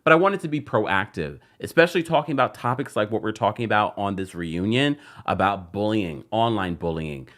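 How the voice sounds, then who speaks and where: A man's voice: brisk, few pauses. A man hosting a casual reality TV recap show, chatting and reading a sponsor spot. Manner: animated, chatty, jumps up in pitch for emphasis.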